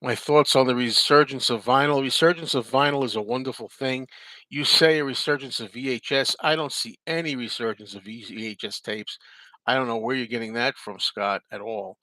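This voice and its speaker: A man's voice: mid-range voice, fairly even intonation, normal speed, sharp tone, no echo. A man hosting a casual live chat, reading and answering viewer comments in a rambling, repetitive way. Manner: chatty, repeats himself, rambling asides.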